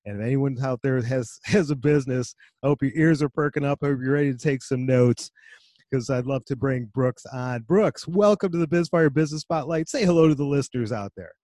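A man's voice: mid-range voice, brisk, a little mellow, no room sound. A male podcast host with an upbeat, encouraging, chatty manner. His voice sits in a middle range and sounds dry and close, with no room around it. He interviews a guest on a business show.

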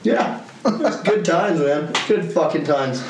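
A young man with a fairly high, very lively voice tells rambling stories full of swearing and laughter. He co-hosts a podcast and sits a little back from the mic. The room echoes around him, with a faint hiss underneath. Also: unhurried, far from the mic. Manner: profane, laughing storyteller. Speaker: podcast co-host. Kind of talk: casual chat.

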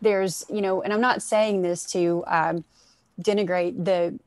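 A woman, a panel guest, explains her views in a measured way with frequent fillers during an online discussion. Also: lowish voice, steady tone, a little mellow, no echo. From United States.

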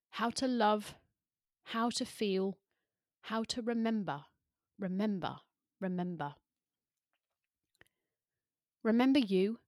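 Slow, soft-spoken woman podcast host. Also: medium pitch, no room sound, studio quality. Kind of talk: slow, measured poetry reading.

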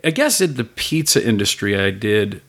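A middle-aged man in casual conversation, telling an animated story with swearing and acted-out voices. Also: on the low side, normal speed. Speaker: guest, food business owner.

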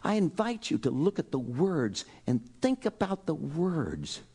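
A man preaching a sermon as pastor, animated and exclaiming, swinging between loud outbursts and soft asides. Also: fairly high pitch, measured pace, breathy edge.

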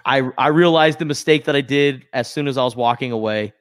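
A man's voice: mid-range voice, a little fast, no echo, studio quality. A man co-hosting a podcast, chatting casually and telling stories with self-deprecating humor. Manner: self-deprecating, animated storytelling. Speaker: podcast co-host. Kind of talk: casual chat.

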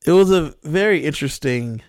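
A relaxed podcast co-host with a mid-pitched voice in casual chat. They sometimes read a summary aloud. The sound is close and dry. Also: fairly quick, no echo.

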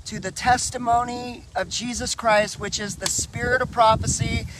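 A man's voice: extremely high pitch, steady tone, normal speed. A man guesting on a Christian talk show, preaching fervently and telling rambling jokes. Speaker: guest from a Christian television network. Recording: noisy live broadcast.

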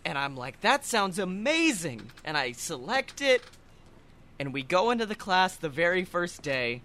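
A young man with a bright, ringing voice and a higher pitch for a man. He chats animatedly on a podcast and laughs a lot. He talks into a webcam. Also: big pitch swings, moderate pace, clear, resonant tone. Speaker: podcast co-host. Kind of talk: casual chat.

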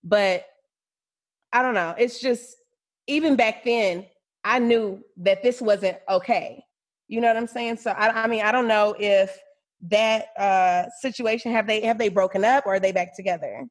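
A woman's voice: medium pitch, moderate pace. A woman in her twenties co-hosting a podcast in casual chat, speaking frankly and bluntly. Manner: frank and blunt, with many restarts. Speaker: podcast co-host.

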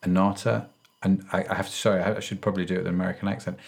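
A man's voice: sits low, level tone, rapid-fire, vocal fry, noisy background. A male podcast host who wraps up a casual interview in an upbeat, effusive way and laughs easily.

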